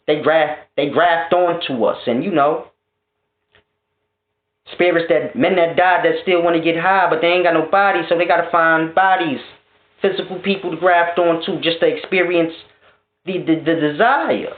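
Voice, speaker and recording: Profane, animated man on a tinny line. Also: on the high side, normal speed. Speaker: spiritual vlogger. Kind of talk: casual ranting monologue. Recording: tinny phone-like echoey sound.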